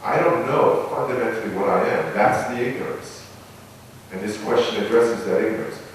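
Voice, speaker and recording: A man, a Buddhist monk, giving a dharma talk on meditation in a measured, pausing, reflective way, heard from a distance in a large hall. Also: on the low side, slight background noise. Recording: echoey hall, mic far off.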